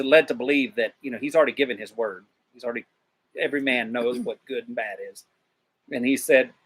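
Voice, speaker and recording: A man's voice: mid-range voice, a bit bright. A man rambling through a casual Bible discussion, retelling scripture in slangy paraphrase. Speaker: discussion participant.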